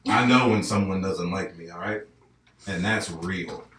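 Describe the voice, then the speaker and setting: A man's voice: low voice, a little slow, a bit bright, recorded from a distance, slight background noise. A young man from the northern United States, hosting a podcast in a blunt, joking, profane way. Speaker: podcast host. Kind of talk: casual podcast chat. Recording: echoey room, off-mic.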